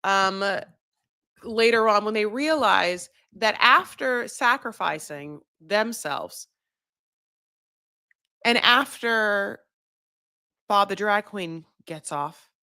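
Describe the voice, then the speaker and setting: A woman's voice: mid-range voice, slow pace, long pauses, pushed and bright, dry recording, studio quality. A woman giving a casual, rambling recap of a reality show, full of "like" and "you know". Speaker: recap vlogger.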